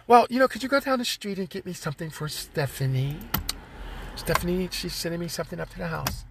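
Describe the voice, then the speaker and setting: A man's voice: high-pitched, quick pace, creaky, background noise. A man quoting his stepmother in a casual, offhand tone, barely changing his own voice. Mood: teasing. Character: teasing stepmother sending him on an errand.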